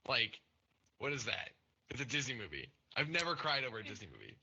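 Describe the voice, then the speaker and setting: A young man hosting a podcast, telling stories in casual chat, swearing often and jumping up in pitch as he acts out other people. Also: fast, husky, highs cut off. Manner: swears a lot, animated storytelling with pitch jumps. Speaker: podcast host.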